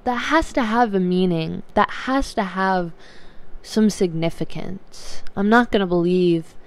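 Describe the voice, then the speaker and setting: A young woman vlogger talking earnestly and reflectively to camera, slow and searching, with frequent restarts. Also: mid-range voice. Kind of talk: personal talk to camera.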